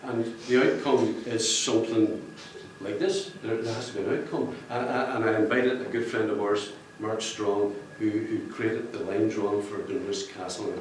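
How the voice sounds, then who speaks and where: A man's voice: on the low side, fairly even intonation, normal speed, few pauses. A man talks to a roomful of people. He rambles and jokes, and he laughs at his own jokes. He is picked up from a distance in a heavily reverberant room with a faint hum of ambience behind him. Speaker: book cover artist speaking at a launch. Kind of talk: public speech to an audience. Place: function room with an audience. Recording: echoey room, distant mic.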